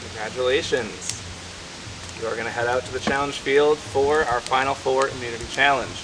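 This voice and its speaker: A man hosting a game show, reading out votes with a measured, formal announcer delivery. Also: medium pitch, steady tone, noisy background. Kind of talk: announcing votes at a tribal council. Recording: distant mic with music underneath.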